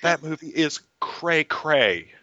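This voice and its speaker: A man co-hosting a podcast in casual chat, joking crudely and animated, on dull lo-fi audio. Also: a little high, slow, no echo. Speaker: podcast co-host.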